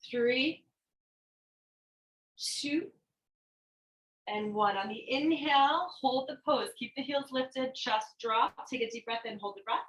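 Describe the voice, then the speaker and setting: Woman yoga instructor, calm cueing, a bit winded, echoey distant room sound. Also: high voice, normal speed, few pauses. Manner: calm, cueing breaths and poses while demonstrating. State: out of breath. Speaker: yoga teacher. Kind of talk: guided yoga class instruction. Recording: roomy, mic at a distance.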